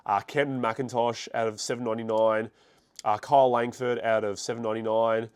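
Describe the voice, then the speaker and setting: A man's voice: medium pitch, clear, resonant tone, no echo. A young man with a congested voice, casually chatting and reacting as he opens trading card packs on his channel. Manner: excitable, quick bursts of surprise over pulls. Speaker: card-breaking channel host. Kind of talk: casual card-opening vlog.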